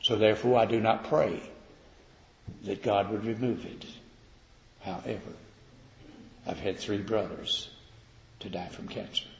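A man preaching a sermon, swinging from loud declaiming to quiet, slow emphasis. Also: fairly low pitch, creaky, a little hiss or hum. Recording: echoey hall, dull lo-fi sound.

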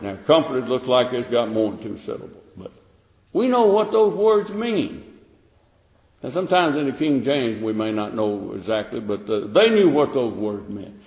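A man's voice: mid-range voice, expressive, moderate pace, darkish tone. Preacher man in an echoey hall. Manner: plain-spoken, repeats himself, reads King James verses aloud. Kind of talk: sermon. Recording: echoey hall, dull lo-fi sound.

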